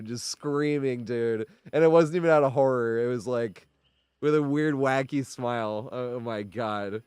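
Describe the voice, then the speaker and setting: Young male streamer, casual rambling storyteller with a clean, clear voice recorded dry and close. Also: mid-range voice, normal speed, darkish tone, no room sound. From New York area. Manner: rambling storytelling with frequent laughs and swearing. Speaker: game streamer. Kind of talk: casual chat while streaming.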